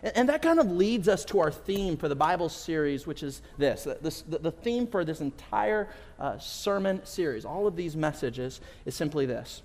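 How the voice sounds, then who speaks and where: A man preaching from the pulpit with a slightly high voice, sharing stories with humor and animated energy. The sound is a church recording with a long hall reverb around his voice. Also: brisk. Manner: storytelling, animated, self-deprecating humor. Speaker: pastor. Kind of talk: sermon. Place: church sanctuary.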